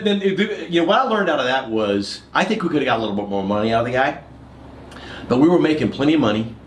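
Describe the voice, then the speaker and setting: A man from San Antonio, a guest broker on a podcast, quickly retelling an old deal in a casual chat. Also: medium pitch, reverberant, slight background noise. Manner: quick, chatty, quotes a partner's dialogue. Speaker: guest, commercial real estate broker.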